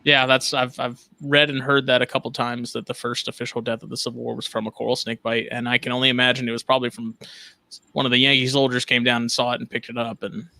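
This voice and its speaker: A man co-hosting a casual podcast chat, telling stories in an animated, musing way. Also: medium pitch, fast talker, creaky, dry recording. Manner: animated storyteller, muses aloud. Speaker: podcast co-host.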